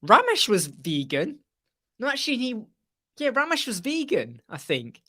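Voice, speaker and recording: A man's voice: extremely high pitch, huge pitch swings, a little slow, bright, forceful tone. A man hosting a live web chat, rambling casually and mimicking other people's voices as he tells anecdotes.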